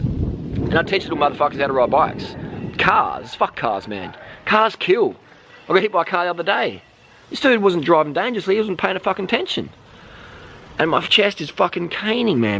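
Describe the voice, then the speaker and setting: A man's voice: fairly high pitch, big pitch swings, quick pace, gravelly, fairly bright tone, poor audio. An Australian man vlogging outdoors from a vehicle, delivering a blunt, profane motivational rant. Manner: blunt, sweary, emphatic.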